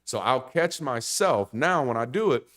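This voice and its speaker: Man preaching, from hushed to loud. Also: mid-range voice, animated, measured pace. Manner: casual and blunt, with frank slang. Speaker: pastor. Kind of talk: sermon.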